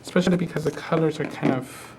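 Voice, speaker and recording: A man teaching a craft project on a live stream, talking in a relaxed, hesitant way and often repeating words. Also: fairly high pitch, fast talker, a little hiss or hum. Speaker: craft instructor. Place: studio.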